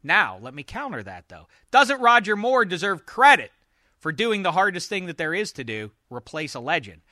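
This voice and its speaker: A man hosting a casual sports podcast, animated and jokey, with frequent "uh" fillers. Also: high voice, moderate pace, no room sound, clean studio sound. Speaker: podcast host.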